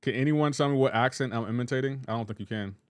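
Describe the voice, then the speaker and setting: Chatty gaming streamer with a Southern lilt. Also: male voice, mid-range voice, fast talker, dry recording, clean studio sound. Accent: light Southern US. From Southern United States. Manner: chatty, reads viewer messages aloud and reacts. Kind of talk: casual live-stream chat.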